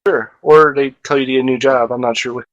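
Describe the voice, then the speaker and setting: A man's voice: mid-range voice, steady tone, fast, lo-fi sound. A man co-hosting on the radio, dropping in short, dry remarks during casual banter. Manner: brief dry interjections.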